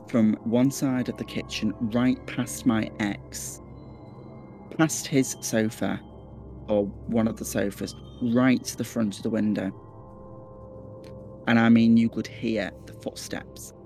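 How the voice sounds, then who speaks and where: A man with a Liverpool accent, a podcast guest telling a story in a casual, animated way, repeating words and swearing now and then. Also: mid-range voice, unhurried, soft background music. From Liverpool, England.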